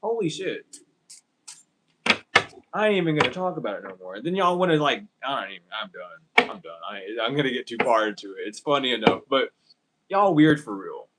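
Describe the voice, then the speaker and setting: A man's voice: mid-range voice, very animated, brisk, pauses often, heavy background noise. A man doing a casual tarot reading for viewers, ranting and swearing as he talks straight to them. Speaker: tarot reader.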